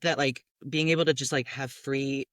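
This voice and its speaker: A young man co-hosting a podcast, telling funny stories in a playful way, often trailing off into quiet mumbles. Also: medium pitch, fairly even intonation, normal speed, no room sound, studio quality. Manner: playful, drops to a mumble at ends of phrases. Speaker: podcast co-host. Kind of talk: casual chat.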